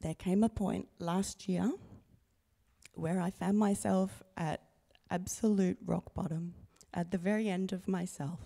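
A middle-aged woman giving an earnest, quiet personal testimony to a congregation on a handheld microphone in a church. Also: fairly low pitch, steady tone, creaky. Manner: slow, earnest, quiet and intimate. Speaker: baptism candidate sharing testimony. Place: church sanctuary.

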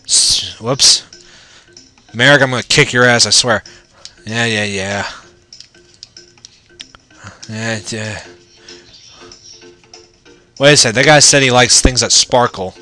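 A man's voice: mid-range voice, slow, pauses often, pushed and bright, soft background music. A man giving casual, rambling, profane commentary while playing through a video game. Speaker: let's play gamer.

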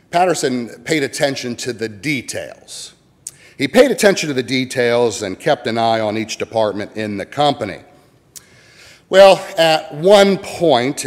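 A Midwestern pastor tells folksy, joking stories from the pulpit. His voice sits at an ordinary middle pitch. Long reverb trails behind him as it rings through a church sanctuary. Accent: Midwestern American. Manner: folksy storytelling with jokes. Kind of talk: sermon.

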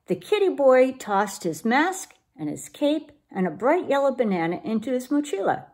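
Husky-voiced woman reading a storybook. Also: high voice, moderate pace, few pauses. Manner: warm, expressive storytelling. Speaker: children's program leader. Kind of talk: children's storybook read-aloud.

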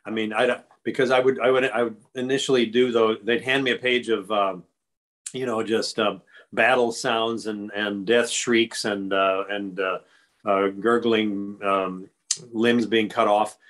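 A man's voice: fairly low pitch, steady tone, measured pace, fairly bright tone. A man, a game voice actor, rambling through a casual panel chat with many fillers and restarts.

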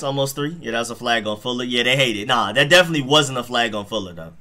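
A man hosting a live football reaction stream, talking straight to his chat in an excitable, slangy way. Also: mid-range voice, normal speed, hardly any pauses.

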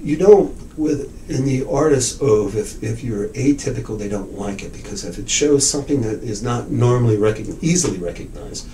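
Older man telling an animated story. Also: mid-range voice, moderate pace, hardly any pauses, a little hiss or hum, low-quality recording. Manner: animated storyteller, acts out quotes, swears. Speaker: art dealer, interviewee. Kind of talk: oral history interview, storytelling.

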